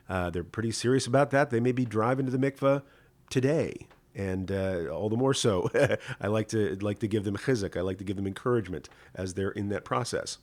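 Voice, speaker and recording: A man's voice: on the low side, darkish tone. A middle-aged man, a rabbi hosting a live podcast, teaching in a conversational, welcoming way with frequent fillers. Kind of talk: live-streamed teaching and chat.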